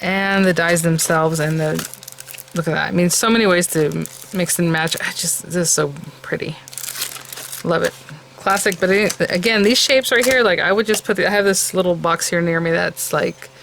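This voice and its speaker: A low-voiced woman with a gravelly edge hosts a casual crafting unboxing at home. She talks in a chatty, gushing way, full of ums and likes. A faint hiss sits under her voice. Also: moderate pace, fairly bright tone. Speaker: crafting channel host. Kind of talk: casual product unboxing chat.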